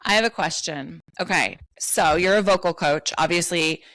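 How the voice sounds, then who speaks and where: Co-host woman w a really low voice, curious, lots of likes, dry mic. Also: moderate pace, fairly bright tone, no echo, poor audio. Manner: curious, asks questions with many fillers. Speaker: podcast co-host. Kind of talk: casual podcast chat.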